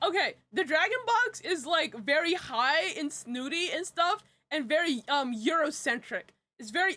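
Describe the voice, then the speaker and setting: A woman's voice: high voice, pushed and bright, no room sound. A young woman answering questions on a casual live stream, rambling and giggly with many fillers and restarts. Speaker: streamer and project creator.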